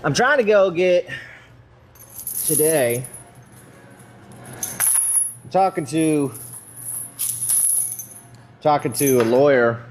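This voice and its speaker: A young man chatting casually while working out in a gym, rambling and swearing freely with a self-mocking edge. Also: mid-range voice. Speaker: vlogger.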